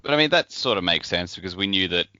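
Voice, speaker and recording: A lowish but very animated male voice with a bright, forceful edge, tossing out jokes in a casual book chat. It comes through a dry, somewhat dull podcast mic. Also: dry recording. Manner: lively, jokey, quick to laugh. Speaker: podcast co-host.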